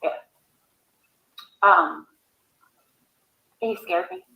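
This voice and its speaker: A woman recalling family events in a recorded interview, speaking haltingly. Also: sharp tone. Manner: halting, hesitant recollection. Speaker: interviewee, sister of the subject. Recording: echoey room.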